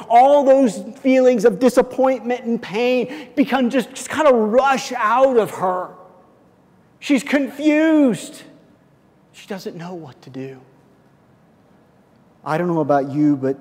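Male pastor, fairly high voice, slow deliberate preaching that swells and drops to a hush, heard in a reverberant hall. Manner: impassioned preaching, swinging between loud and hushed. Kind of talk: sermon.

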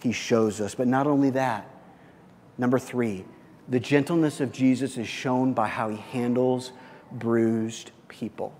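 A man preaching a sermon, emphatic, swinging from loud exclamations to soft, quiet asides. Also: medium pitch, fairly even intonation, unhurried, big-room sound, slight background noise. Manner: emphatic, rising loud then dropping soft. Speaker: pastor.

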